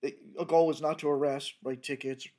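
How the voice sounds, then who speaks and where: Man, former federal agent, rambling story, slightly high voice. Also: little pitch movement, a little fast, a little mellow. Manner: rambling, conversational, many fillers and restarts. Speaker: retired federal fisheries agent telling stories. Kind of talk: casual storytelling monologue.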